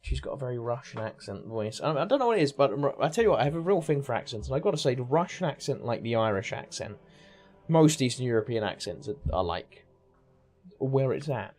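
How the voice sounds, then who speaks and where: A man's voice: mid-range voice, sing-song, a little fast, a little mellow, faint music behind. Chatty man rambling over gameplay. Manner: chatty, rambling, self-interrupting. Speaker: gaming streamer. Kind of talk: casual let's-play commentary.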